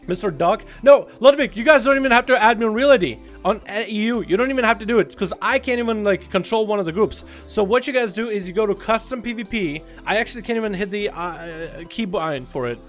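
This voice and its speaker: A man's voice: high-pitched, fairly quick, faint music behind. A man streaming a game, chatting casually with viewers, greeting them by name, teasing and swearing. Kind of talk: casual livestream chat.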